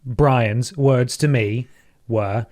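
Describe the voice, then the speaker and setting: Man, podcast host, casual comedy chat, excitable, mid-pitched. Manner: chatty, excitable, quick asides.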